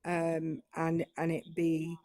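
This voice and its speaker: A woman's voice: sits low, takes it slowly, dry recording. British woman explaining, dry sound. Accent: British English. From Britain. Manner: explanatory, lively, talks it through. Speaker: panelist. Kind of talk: casual chat.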